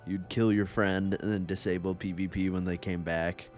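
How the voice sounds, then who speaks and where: A young man with a very deep, low voice chats loosely over his gameplay, swearing freely and drifting between thoughts. Faint game music plays underneath. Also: flat delivery, moderate pace, a little mellow. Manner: rambling, profane, laid-back, laughs often. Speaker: gaming YouTuber. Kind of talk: casual gameplay commentary.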